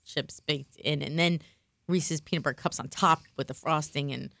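A woman's voice: low voice, steady tone, normal speed, vocal fry, a bit bright, no echo. A woman co-hosting a talk show, chatting and laughing as she tastes cupcakes with her mouth full. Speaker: co-host. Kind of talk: casual chat while tasting food.

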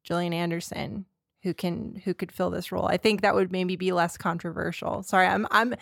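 A woman's voice: on the low side, steady tone, brisk, creaky, dry recording. Chatty woman co-host, dry sound. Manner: chatty and rambling, with frequent restarts and laughs. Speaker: podcast co-host. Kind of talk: casual film chat.

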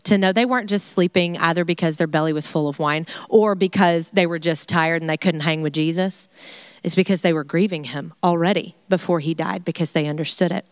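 A woman leading a casual Bible study, chatty and animated, with playful asides and laughter. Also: on the low side, fairly quick, smooth, no room sound.

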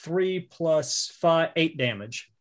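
A man's voice: fairly high pitch, expressive, slow pace. A man playing a tabletop role-playing game, thinking aloud as he describes his character's actions and rolls. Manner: chatty, thinks aloud with fillers. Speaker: player.

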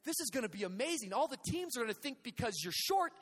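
A man voicing his relentlessly upbeat, overexcited father, shouting with glee. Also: extremely high pitch, big pitch swings, fast, exaggerated voice. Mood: overjoyed. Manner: shouting, exclaiming. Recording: long hall reverb.

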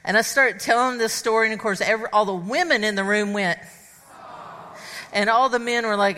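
A woman speaker telling a funny personal story to an audience of women, animated and acting out the dialogue. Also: medium pitch, brisk. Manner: animated, acts out dialogue and sound effects. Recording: long hall reverb.

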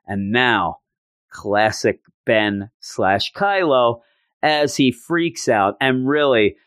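A man casually recapping a story in an animated, joking, self-mocking way. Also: mid-range voice, slow, dry recording, studio quality.

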